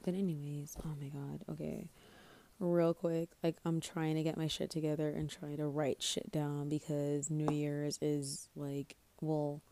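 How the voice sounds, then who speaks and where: A woman's voice: low voice, level tone, a little slow, creaky, dark tone, a little hiss or hum. A young woman hosting her own podcast alone, rambling in a scatterbrained, self-mocking way, sleepy and swearing casually. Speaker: podcast host. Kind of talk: rambling solo podcast chat.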